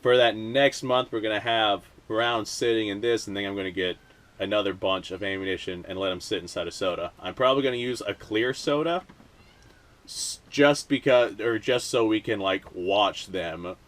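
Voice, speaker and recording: A man talking casually to his viewers in a slightly low voice. He rambles, leans on filler words, swears offhandedly and laughs often. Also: moderate pace, a bit bright. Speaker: video host. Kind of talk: casual vlog commentary.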